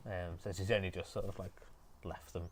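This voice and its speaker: A man hosting a relaxed music chat show, talking loosely and hesitantly with lots of fillers. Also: deep voice, brisk, slight background noise.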